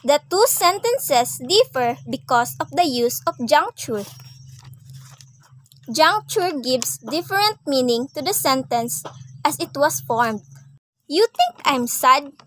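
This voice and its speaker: A young woman student reading a class assignment aloud, reciting definitions and examples in a careful, measured way. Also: sits high, expressive, poor audio.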